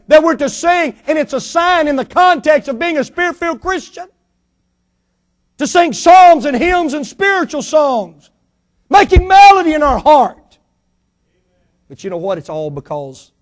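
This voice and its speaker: A middle-aged man preaching a sermon to his church, emphatic, swinging between loud build-ups and quiet asides, full of rhetorical questions. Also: extremely high pitch. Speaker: pastor.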